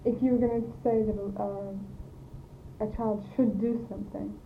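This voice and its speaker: A woman leads an interview, prompting someone to say set phrases. Her voice stays flat as she halts and restarts. It is an old, tinny tape with a light hiss. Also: medium pitch, a little slow, gravelly. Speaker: interviewer eliciting speech samples. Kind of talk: speech elicitation interview.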